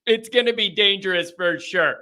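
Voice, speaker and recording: A man from the United States hosting a live call-in show, talking loudly in a joking, rambling way while nursing a sore bitten lip. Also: high voice, moderate pace. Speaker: show host. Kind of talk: casual live call-in rant.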